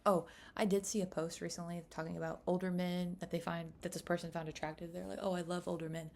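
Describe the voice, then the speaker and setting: Young woman vlogger, lowish voice, chatty and rambling to camera. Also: fast talker, vocal fry. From United States. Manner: chatty, rambling, animated asides. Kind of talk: casual chat to camera.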